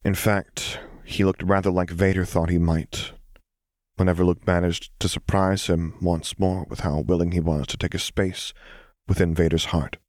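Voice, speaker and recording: A man calmly narrating a fan fiction audiobook. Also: sits low, normal speed, no echo, clean studio sound. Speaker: audiobook reader.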